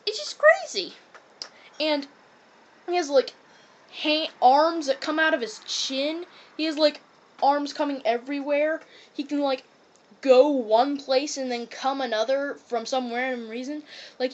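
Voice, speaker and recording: A high-pitched woman rants about a cartoon in a casual, rambling way. She strings thoughts together with constant "um"s and "like"s as she reviews. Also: muffled recording. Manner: rambling, heavy on fillers like "um" and "like".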